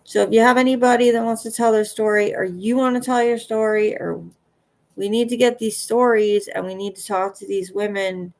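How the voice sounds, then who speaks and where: Tired, gravelly woman. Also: on the low side, darkish tone. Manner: halting, earnest, trailing off. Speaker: livestream host. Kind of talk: late-night livestream chat.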